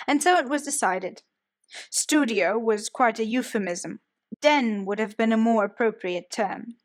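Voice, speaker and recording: A woman narrating a biography audiobook in a steady storytelling manner. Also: on the high side, unhurried. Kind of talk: scripted narration.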